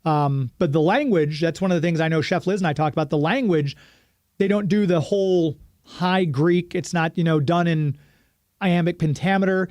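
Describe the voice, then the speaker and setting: A man's voice: fairly high pitch, normal speed, a little mellow, no room sound. A man co-hosting a podcast, talking about movies in an easygoing way, thinking aloud with lots of fillers. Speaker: podcast co-host. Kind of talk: casual movie review chat.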